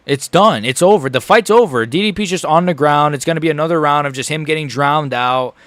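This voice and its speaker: A young man streaming a live fight reaction, excitable, swearing and repeating himself as he swings from groaning despair to shouting. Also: fairly high pitch, fairly quick, no room sound.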